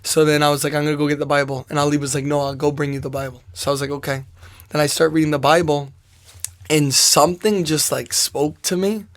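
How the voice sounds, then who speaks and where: A man's voice: a little high, little pitch movement, fast talker. A young man, a soccer player guest in an interview, telling a personal story in a rambling way, full of "like" and quoted asides.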